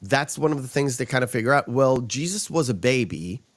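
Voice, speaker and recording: A man's voice: medium pitch, lively intonation, a little fast. Chatty man rambling through a film recap. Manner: rambling, frequent restarts and chuckles. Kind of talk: casual film discussion.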